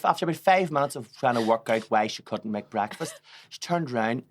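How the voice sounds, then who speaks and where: Rambling comedian. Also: male voice, medium pitch, expressive, brisk, slight background noise. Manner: rambling, swearing, laughing often. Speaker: comedian, podcast co-host. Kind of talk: casual comic storytelling.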